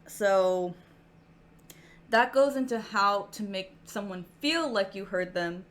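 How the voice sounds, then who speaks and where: A woman's voice: mid-range voice, takes it slowly, a bit bright. A woman co-hosting a podcast in casual chat, explaining ideas step by step with examples. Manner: explanatory, walks through steps with examples. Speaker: podcast co-host.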